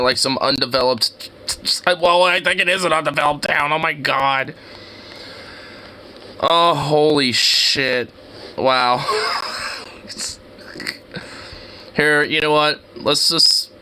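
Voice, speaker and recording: A man giving casual, excitable commentary while browsing street view, slangy and laughing often. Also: on the high side, a little hiss or hum. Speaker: streamer.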